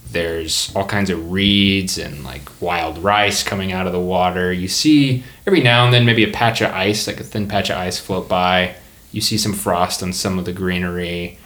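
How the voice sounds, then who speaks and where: A man's voice: low voice, moderate pace, a bit bright. A man narrating as game master in a tabletop game, casual and rambling.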